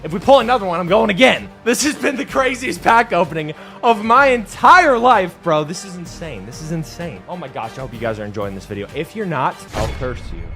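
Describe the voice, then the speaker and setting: A hyped man from Montana runs video game pack-opening commentary with a slightly high, wildly swinging voice. He jokes nonstop and yells at every big pull, with faint music underneath. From Montana, USA. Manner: hyperactive, joking, yelling at big pulls. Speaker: gaming YouTuber.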